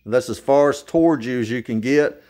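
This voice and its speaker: An older man talks through a hands-on demonstration at home in a relaxed, folksy way. His voice sits at an ordinary middle pitch, and he speaks plainly as he explains each step in turn. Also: brisk. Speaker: hobbyist demonstrating a model plane. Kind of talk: casual how-to demonstration.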